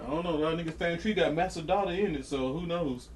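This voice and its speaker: Joking podcast co-host, a man with a high voice, slangy and laughing. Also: fast, far from the mic, slight background noise. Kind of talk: casual chat.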